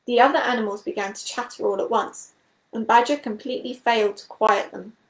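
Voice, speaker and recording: Woman, high voice, reading a children's storybook aloud, roomy echo. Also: fairly even intonation, a little fast.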